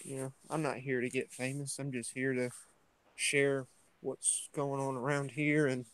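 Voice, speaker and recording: A man's voice: mid-range voice, a little slow, clear, resonant tone, rough recording. A man chatting casually and rambling, with lots of fillers and restarts, as he steps out into his yard. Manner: relaxed, rambling, hesitant with many fillers. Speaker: vlogger hosting a morning chat. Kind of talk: casual chat. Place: at home, stepping outside into his yard.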